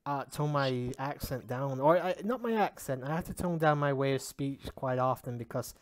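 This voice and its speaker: A man with a broad Sheffield Yorkshire accent chats loosely during a game stream at a middle pitch. He swears freely and jokes at his own expense. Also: animated, normal speed. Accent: Sheffield, Yorkshire English. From England. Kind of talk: casual gaming stream chat.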